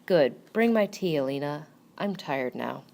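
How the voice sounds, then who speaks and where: Woman doing a gruff, tired middle-aged man. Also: low voice, animated, a little mellow, heavily acted. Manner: gruff, slow and weary.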